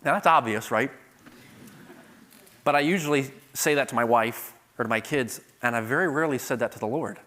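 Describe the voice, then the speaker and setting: A middle-aged man preaching a sermon, moving from quiet storytelling to loud, emphatic peaks. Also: mid-range voice, fairly quick.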